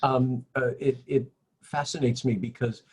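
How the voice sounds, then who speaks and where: Husky-voiced male host asking halting questions. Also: mid-range voice, fairly even intonation. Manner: halting, repeats words as he starts his questions. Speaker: interview host. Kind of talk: interview questions.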